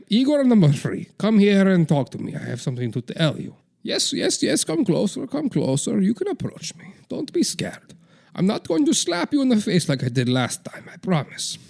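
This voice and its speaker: A man's voice: high voice, gravelly, darkish tone, exaggerated voice. A man voicing an aging, bored strongman leader who coaxes a nervous aide with mock-sweet promises and gleeful cruelty, in a comedy sketch. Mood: coaxing.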